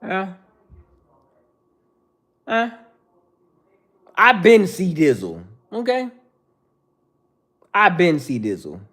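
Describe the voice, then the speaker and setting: A man's voice: sits high, huge pitch swings, very slow, long pauses, a bit bright. A man in his thirties hosting a livestream, bluntly lecturing viewers in the chat with repetitive slang. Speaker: livestream host. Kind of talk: casual livestream rant.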